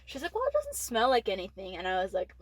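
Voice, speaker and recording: A woman's voice: medium pitch, wildly swooping pitch, fast talker, dry recording. Teen woman podcaster, candid storyteller, lots of fillers, dry close sound. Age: teens. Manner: candid, swears freely, many "like" fillers. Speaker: podcast co-host. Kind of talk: casual storytelling chat.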